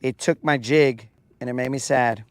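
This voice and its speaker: A man's voice: medium pitch, moderate pace, no room sound. A man hosting a live fishing stream from a boat on a lake, chatting casually with his viewers in a rambling, jokey, self-mocking way. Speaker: fishing livestream host.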